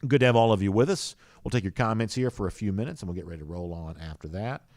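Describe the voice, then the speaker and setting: Low-voiced man chatting casually. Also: fast, a little mellow, no room sound, studio quality. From rural US South. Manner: easygoing, drawling, many fillers and restarts. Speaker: podcast host. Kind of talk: casual live-stream chat reading viewer comments.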